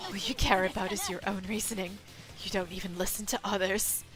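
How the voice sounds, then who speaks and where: Brief: a quiet, controlled young woman under accusation, put on by a woman, low and soft in a game scene with music. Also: fairly quick, lightly acted. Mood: cold. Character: composed young woman, a cornered suspect. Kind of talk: reading game dialogue aloud.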